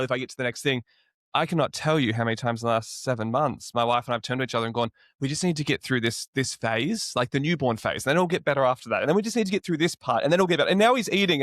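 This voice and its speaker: A young man hosting a podcast who talks quickly and works through his thoughts out loud. His voice sits at a middle pitch, and it is recorded dry and close with no room sound. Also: no room sound. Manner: reflective, thinks aloud with fillers. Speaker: podcast host. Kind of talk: podcast conversation.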